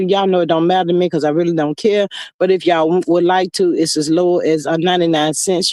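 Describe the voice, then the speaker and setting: Animated woman hosting a live stream. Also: on the low side, dry recording, clean studio sound. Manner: animated, preachy, calls out to viewers.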